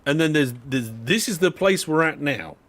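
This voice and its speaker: Young UK man, chatty live-stream gamer, talks to viewers mid-game, relaxed and rambling. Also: on the high side, normal speed. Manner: chatty, talks to viewers while playing, frequent fillers and restarts. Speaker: streamer driving a train simulator. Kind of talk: casual live-stream commentary.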